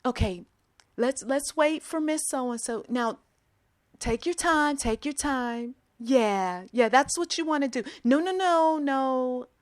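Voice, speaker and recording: A woman voicing a patronizing young woman who talks down to an older person in a slow, overly sweet, condescending way. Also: sits high, expressive, no echo, clean studio sound, voice pushed up.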